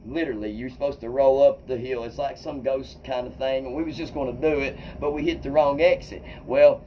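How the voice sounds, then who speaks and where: A man telling a wild personal story to viewers, animated and swearing, acting out quotes loudly. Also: mid-range voice, brisk, slight background noise, rough recording. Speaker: comedian host.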